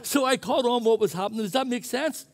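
Earnest high-voiced New pastor. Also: male voice, fast talker. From New Zealand. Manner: earnest, chatty, self-deprecating storytelling. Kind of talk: sermon. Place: church.

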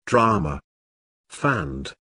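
A man reading out a vocabulary list one word at a time, with pauses between words. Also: low-pitched, very animated, sharp tone, breathy edge, no room sound, studio quality.

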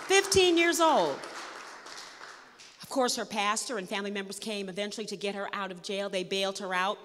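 A woman pastor preaching a storytelling sermon, building to shouted emphasis, in a large hall at a worship service. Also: mid-range voice, a little fast, slight background noise.

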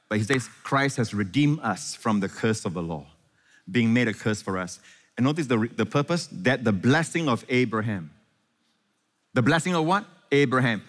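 A man preaching a sermon as pastor, animated, often asking the congregation questions and calling for amens. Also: medium pitch, long reverb tail.

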